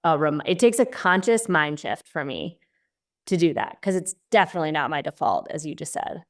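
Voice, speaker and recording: Chatty woman podcast host, low voice. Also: brisk. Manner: chatty, animated storytelling with voiced quotes. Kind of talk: casual interview chat.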